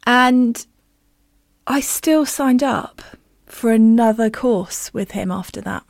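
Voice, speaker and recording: A woman's voice: fairly high pitch, takes it slowly, gravelly, no echo, studio quality. A woman who hosts a podcast as a medium, telling stories in a candid, self-deprecating, casual way.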